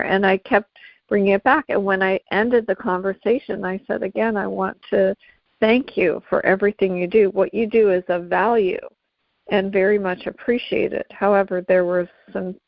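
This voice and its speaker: A woman's voice: medium pitch, steady tone, normal speed, vocal fry, dry recording. Earnest woman podcast co-host, dry sound. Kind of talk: casual conversation. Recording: dry, dull lo-fi podcast audio.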